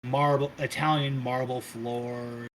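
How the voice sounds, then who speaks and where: A man's voice: mid-range voice, little pitch movement, takes it slowly, slight background noise, poor audio. A man narrating as game master, loose and casual, with restarts and the odd swear.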